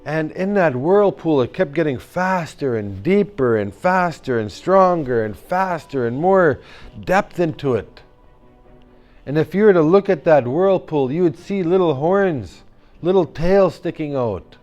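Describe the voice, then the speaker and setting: Animated man telling a children's story. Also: fairly high pitch, a little slow, soft background music. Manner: animated, with sound effects and call-and-response.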